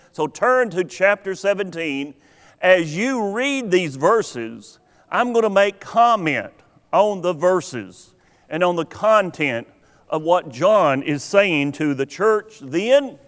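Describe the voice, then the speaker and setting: Slow-preaching man in a reverberant hall. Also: high voice, a bit bright, smooth. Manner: slow, deliberate storytelling with dramatic pauses. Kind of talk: sermon with an illustrative story.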